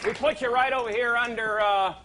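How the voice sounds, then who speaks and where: A man's voice: very high-pitched, fairly even intonation, brisk, noisy background. A man hosting a late-night talk show, joking and rambling in a mock-bossy way before a live studio audience. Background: live studio audience laughter.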